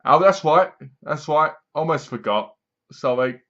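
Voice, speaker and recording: A man's voice: a little high, lively intonation, unhurried, a bit bright, dull audio. A man giving a rambling, scornful horror film review, often mimicking the characters. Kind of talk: casual ranting movie review.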